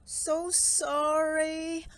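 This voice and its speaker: Storybook read-aloud: a tiny, well-mannered male mouse, mild and unhurried, read by a woman. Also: high voice, flat delivery, a bit bright, no echo, pitched above the performer's own voice, exaggerated voice. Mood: polite. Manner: courteous, mild and apologetic. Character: small polite gray male mouse.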